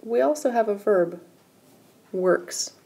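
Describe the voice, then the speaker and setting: A woman's voice: medium pitch, expressive, takes it slowly, gravelly, mellow, breathy edge. A woman teaching a recorded grammar lesson, patiently explaining step by step while pointing at examples on screen. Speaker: English writing teacher.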